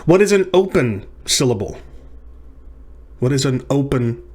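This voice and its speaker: A man's voice: mid-range voice, very animated, a little slow, darkish tone, slightly rough. A man teaching a recorded practice lesson, explaining terms step by step and repeating words with small restarts and fillers. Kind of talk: recorded lecture practice session.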